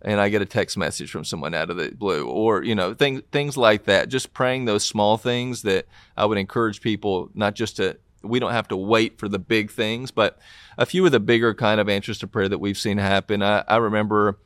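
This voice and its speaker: A man's voice: on the low side, steady tone, moderate pace, a bit bright, smooth, dry recording, clean studio sound. A man who leads a church, talking earnestly and reflectively about answered prayer in a casual interview. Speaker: pastor.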